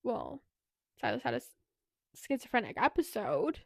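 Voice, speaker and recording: A woman's voice: a little high, sing-song, normal speed, creaky, no room sound, clean studio sound. A woman co-hosting a podcast, casually retelling a book's plot in a chatty way, with plenty of "like" and "anyway". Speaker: podcast co-host. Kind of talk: casual book recap.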